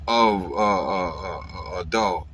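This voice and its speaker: A man tells a personal story in casual, profane language, tacking "man" onto many phrases and acting out things he once said in a louder, higher voice. He speaks slowly, and there's a little hiss or hum on the recording.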